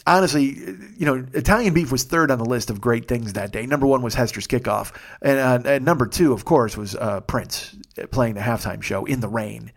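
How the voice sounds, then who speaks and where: A man from the Chicago area hosts his own podcast and talks through a long story in a loose, unscripted way. His pitch sits in the middle range and his speech is full of swearing. When the story heats up he gets louder and more animated. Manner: profane, animated, swells loud when excited. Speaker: podcast host. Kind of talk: casual storytelling monologue.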